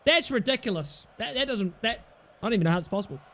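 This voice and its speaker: A man with a very high, bright voice giving live gameplay commentary as he plays. He flips between low mutters and sudden yells, trading cheeky, sweary banter with his teammates. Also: quick pace. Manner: excitable, swings between muttering and yelling. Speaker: gaming YouTuber.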